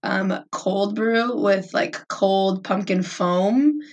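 A woman's voice: medium pitch, fairly even intonation, drawn-out words. Woman co-host, casual and giggly, filler-heavy banter. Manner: chatty, laughs often, lots of fillers. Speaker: podcast co-host. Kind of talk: casual chat.

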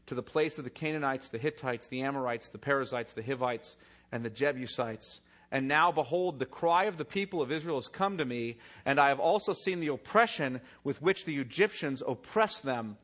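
In a sermon delivered at normal speed and medium pitch, a male pastor reads from scripture and retells it, moving between loud emphatic passages and quiet, hushed ones.

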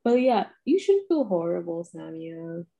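A woman interviewing a friend in a relaxed, encouraging way and laughing often. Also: on the low side, unhurried, creaky. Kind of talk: casual interview chat.

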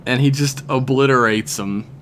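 A man's voice: mid-range voice, normal speed, fairly bright tone, slight background noise. Joking man recapping an episode. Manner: profane, joking, slips into silly character voices. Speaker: podcast co-host. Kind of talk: casual recap chat.

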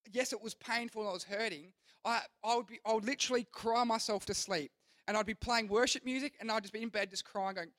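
A man's voice: high-pitched, fairly bright tone, dry recording. A young man preaching to a youth group as their pastor, earnest and rambling, often restarting his sentences. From Australia. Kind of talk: youth sermon.

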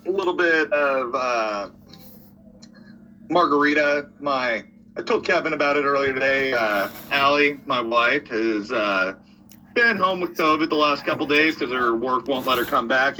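A man's voice: medium pitch, measured pace, pushed and bright, slight background noise, poor audio. A man joining a podcast as a guest over a video call, talking in easygoing, laid-back chat. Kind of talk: casual chat.

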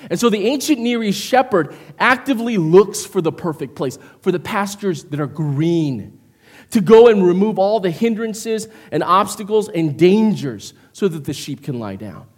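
A man's voice: sits high, lively intonation, moderate pace, slightly rough. A man in his fifties preaching a conversational sermon as a pastor, checking in with the congregation by asking "right?" and "okay?". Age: 50s. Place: church.

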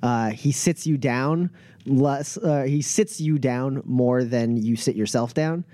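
A man narrating a tabletop role-playing game as game master, halting with many filler sounds. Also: medium pitch, warm tone, no echo.

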